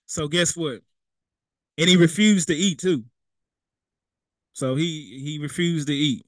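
A young man preaching in a lively, conversational way, mixing scripture with casual street talk and little acted-out voices. His voice sits a bit high for a man. The recording is close and dry, with no room sound. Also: slow pace, no echo. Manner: conversational preaching with vernacular asides and quoted voices. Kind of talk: sermon.

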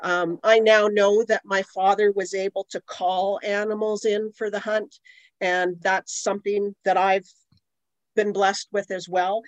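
A woman's voice: mid-range voice, level tone, unhurried, no room sound, low-quality recording. A middle-aged woman, a guest on an interview podcast, telling long rambling stories with many asides. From Canada. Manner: rambling, conversational, many "you know" asides. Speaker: guest, aromatherapist.

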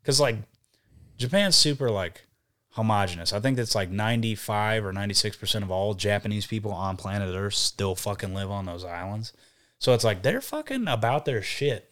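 Profane storytelling young man, lowish voice. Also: expressive, a little fast, a bit bright. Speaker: podcast guest, band vocalist. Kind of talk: casual podcast chat.

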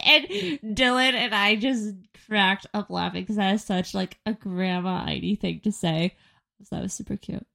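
A woman's voice: mid-range voice, normal speed, creaky, bright, forceful tone. A young woman co-hosting a podcast in casual chat, telling stories and often laughing mid-sentence. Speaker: podcast co-host.

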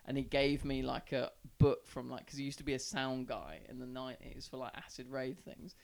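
A man's voice: mid-range voice, brisk. A young man from South East London, a podcast guest, telling a rambling story in casual chat, swearing a lot and filling with "like". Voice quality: creaky. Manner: rambling, heavy swearing, lots of "like".

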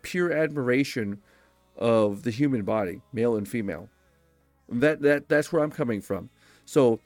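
A young man hosting his own podcast, giving profane, blunt advice in a casual solo monologue and acting out quick quoted exchanges. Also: medium pitch, darkish tone, no room sound. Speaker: podcast host.

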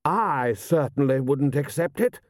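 A man reading an audiobook, voicing a pompous, hot-tempered aristocratic lord who blusters and shouts. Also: medium pitch, expressive, measured pace, no echo, studio quality, pitched above the performer's own voice, close to an everyday voice. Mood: indignant.

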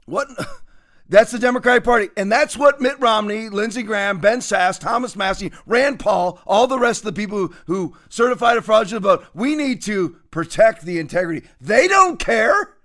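A male host rants through political commentary in a mocking, sarcastic way. He often breaks into laughter. His voice sits high for a man. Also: lively intonation, moderate pace, fairly bright tone.

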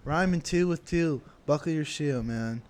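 A man's voice: on the high side, a little slow, a little mellow. A young man co-hosting a casual podcast, laughing a lot and acting out voices as he tells stories. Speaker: podcast co-host. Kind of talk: casual storytelling chat.

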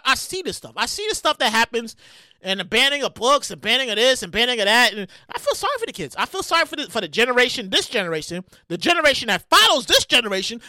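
Woman around 40 ranting on her podcast, high voice all over the place, yells and cusses a lot. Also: no room sound, clean studio sound. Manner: loud, excitable, yells and swears often. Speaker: podcast host. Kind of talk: animated solo commentary.

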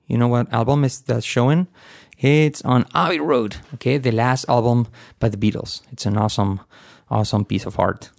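Playful gravelly-voiced male teacher. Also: on the low side, steady tone, normal speed, a little mellow, dry recording, studio quality. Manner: playful, chatty, hums and sings song snippets. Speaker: English teacher. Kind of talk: casual grammar lesson to Spanish speakers.

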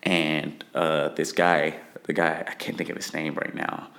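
A man's voice: very deep voice, flat delivery, a little slow, vocal fry, bright, forceful tone. A young man, a fighter, answering interview questions in a rambling way, full of "like" fillers.

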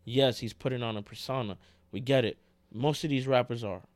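A man co-hosting a casual podcast, talking in an animated, slangy way and saying "bro" a lot. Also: medium pitch, a little fast, dry recording. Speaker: podcast co-host.

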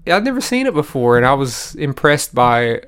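A man's voice: medium pitch, sing-song, moderate pace, a bit bright, smooth. A man co-hosting a casual chat podcast, rambling through stories with frequent restarts and small laughs. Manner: rambling, restarts often, laughs at own jokes. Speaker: podcast co-host.

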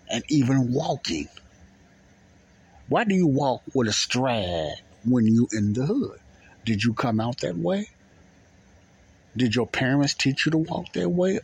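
Husky man rambling in plain talk. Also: medium pitch, darkish tone. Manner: rambling, repeats phrases, folksy plain talk. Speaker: podcast host. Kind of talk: casual spoken monologue.

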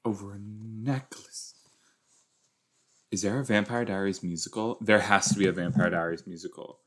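A man hosting a casual watch-along podcast, chatty and excitable, talking back at the screen as he reacts to a TV episode. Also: sits low, quick pace.

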